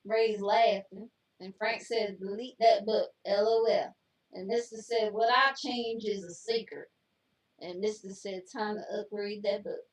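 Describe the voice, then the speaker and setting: A woman's voice: mid-range voice, steady tone, measured pace. A woman co-hosting a casual show, reading jokes aloud and then explaining them with teasing remarks. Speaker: co-host. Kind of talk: casual joke-telling chat. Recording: echoey room, far from mic.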